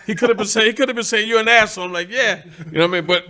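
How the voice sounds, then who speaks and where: A New York man tells stories with a high, bright and forceful voice. He swears freely and talks in an animated way. He is a boxing trainer, chatting as a guest. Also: very fast. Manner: profane, animated, laughing. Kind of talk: casual storytelling.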